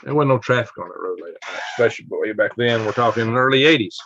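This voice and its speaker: This Alabama livestream host talks very fast in a medium, slightly bright voice, chatting with viewers and spinning rambling stories punctuated by chuckles and sound effects. His lo-fi home setup sounds dry and dull, with a little hiss or hum.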